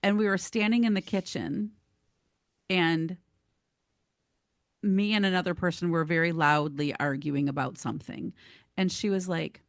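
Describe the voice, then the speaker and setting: A woman co-hosting a podcast, telling stories in an animated, casual way and laughing easily. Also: lowish voice, a little slow, pauses often, no room sound, studio quality. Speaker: podcast co-host.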